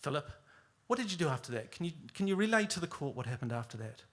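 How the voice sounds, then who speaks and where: A man voicing a deliberate defence lawyer questioning witnesses in court. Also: a little high, big pitch swings. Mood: measured. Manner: measured, questioning, repetitive.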